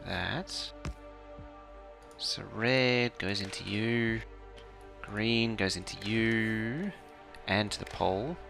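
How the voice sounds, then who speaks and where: A man's voice: on the low side, takes it slowly, vocal fry, music in the background. A man casually commentating while he plays, muttering to himself and now and then making playful mouth sound effects. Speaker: game streamer. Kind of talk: casual live-stream commentary.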